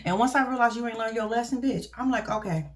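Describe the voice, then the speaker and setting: Woman, reaction vlog, profane, blunt, animated. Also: on the high side, quick pace. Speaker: reality TV commentator.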